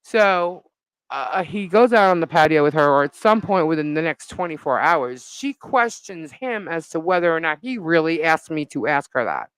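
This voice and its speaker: A woman live-streaming as a vlogger, telling a gossip story in an animated, indignant way with lots of fillers. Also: low-pitched, moderate pace, clear, resonant tone, no room sound, low-quality recording.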